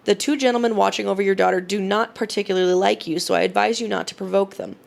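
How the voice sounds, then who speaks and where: Woman doing a slow menacing kidnapper. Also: medium pitch, fairly even intonation, vocal fry. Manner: slow, deliberate, mock-foreign delivery. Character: menacing kidnapper reading a ransom note.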